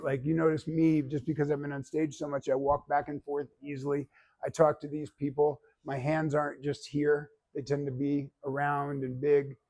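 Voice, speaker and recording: A man coaches a public speaking class, offering feedback and telling stories animatedly while imitating other people's voices. His voice sits on the high side.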